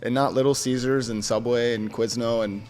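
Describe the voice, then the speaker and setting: A man, a comedian guest, telling animated stories in casual chat, full of quick asides and "I swear to God.". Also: mid-range voice, soft background music.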